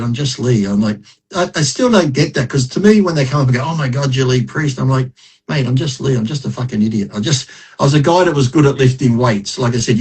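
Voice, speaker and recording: A middle-aged man with a husky, mid-pitched voice, talking as a podcast guest. His stories come out blunt and profane, and he is quick to laugh at himself. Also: darkish tone, low-quality recording. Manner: blunt, profane, self-mocking. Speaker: podcast guest, retired bodybuilder. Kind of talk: casual interview storytelling.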